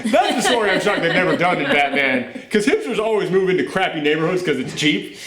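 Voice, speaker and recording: A man hosting a film review podcast at home, gushing and animated, often laughing as he talks. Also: high voice, fast, roomy sound, over a noisy crowd. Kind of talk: excited casual film review chat. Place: room at home with a dog nearby.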